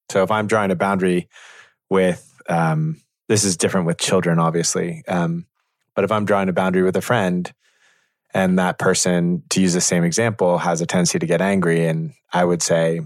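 A man teaching in a reflective conversation, measured and thoughtful, pausing to find his words. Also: low-pitched, little pitch movement, dry recording, studio quality.

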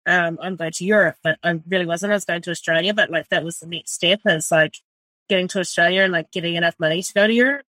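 This New Zealand woman in her forties talks fast, her fairly low voice pushed and bright, with no echo. A chef and restaurant owner, she tells her story bluntly and casually, swearing plenty and saying "like" constantly.

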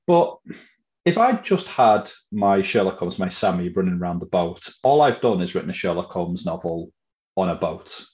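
Deep-voiced author guy chatting, kinda muffled and echoey. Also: sing-song, normal speed, darkish tone. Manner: chatty, with restarts and fillers. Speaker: author guest. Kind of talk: casual interview answer.

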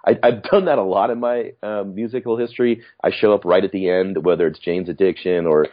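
A man's voice: sits low, fairly even intonation, brisk, highs cut off. A middle-aged man telling stories in a rambling, reflective way, with frequent restarts, as a podcast guest. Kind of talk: casual storytelling chat.

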